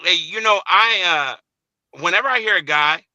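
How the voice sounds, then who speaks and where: A man's voice: high voice, moderate pace, sharp tone, no echo, poor audio. A man from Chicago hosting a casual live panel chat, reminiscing and repeating "man" often. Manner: nostalgic, repeats "man" and "great times". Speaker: panel host.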